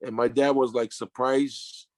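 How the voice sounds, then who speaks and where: A man in his fifties, a retired sumo wrestler, telling his story in an interview with emotional, halting restarts and casual slang. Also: medium pitch, fairly even intonation, a little mellow, no room sound. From Samoan family.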